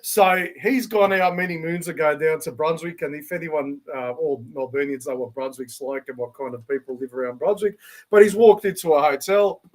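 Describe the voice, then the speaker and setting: An Australian man co-hosting a podcast, telling a crude, lively anecdote in casual chat. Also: on the high side, moderate pace. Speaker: podcast co-host.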